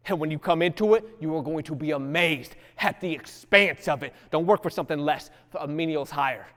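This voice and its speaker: A man teaching the Bible in a fervent preaching style, falling to a hush and rising to loud exhortation, with casual dialect phrasing as he acts out quotes. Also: fairly high pitch, a little fast, in a large hall.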